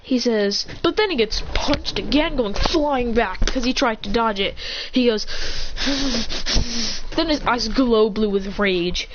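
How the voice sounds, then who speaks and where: A woman excitedly making up a fan story, rambling and tripping over her words. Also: on the high side, measured pace, hardly any pauses, slight background noise. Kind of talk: improvised fan story narration. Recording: muffled lo-fi recording.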